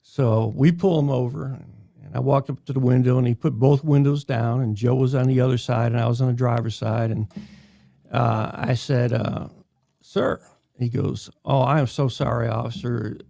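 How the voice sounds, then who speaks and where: Gravelly older man telling police stories. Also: medium pitch, fairly even intonation, moderate pace, dark tone, no room sound, clean studio sound. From New York. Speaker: retired police officer guest. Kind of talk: casual storytelling.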